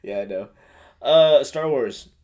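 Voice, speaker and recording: A man's voice: medium pitch, expressive, slow pace, darkish tone. A man co-hosting a casual podcast chat, joking and laughing. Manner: jokey, laughing, does silly character voices. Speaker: podcast co-host.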